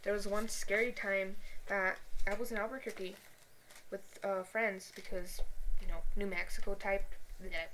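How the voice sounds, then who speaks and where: A young woman co-hosting a podcast tells a personal story in a casual, animated way, swearing a lot and acting out what people said. Her voice is medium-pitched at a normal speed, with slight background noise.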